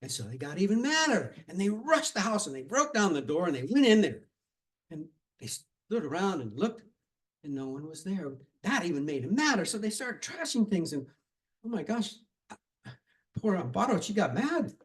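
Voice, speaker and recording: Male storyteller telling a tall tale, animated, dramatic, with a lively, rather high voice. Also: moderate pace, low-quality recording. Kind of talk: told tall tale at a live event.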